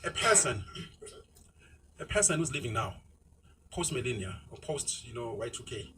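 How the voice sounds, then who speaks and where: A South African man speaking fast and outspokenly while driving, dropping Zulu words into a casual opinionated monologue. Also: medium pitch, sing-song, bright, forceful tone, distant mic, a little hiss or hum, poor audio. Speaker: vlogger. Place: inside a moving car.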